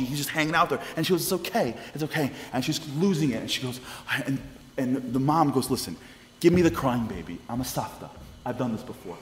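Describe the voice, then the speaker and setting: A man speaking to a congregation, telling a story with animated shifts of voice as he acts out the people in it. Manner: lively, acts out the people in his stories with quick shifts of pitch. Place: synagogue hall. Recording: long reverb of a hall, faint noise.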